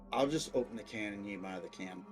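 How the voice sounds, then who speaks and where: A man's voice: on the low side, gravelly. A man guesting on a live stream, chatting casually and teasing the host. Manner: teasing, laughs often. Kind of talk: casual chat. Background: faint spooky music.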